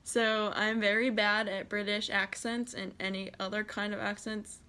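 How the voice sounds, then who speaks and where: A woman's voice: mid-range voice, little pitch movement, normal speed, bright, forceful tone. American teen girl answering questions. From United States. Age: teens. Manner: reads each question aloud then answers casually. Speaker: vlogger. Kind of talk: casual Q&A tag video.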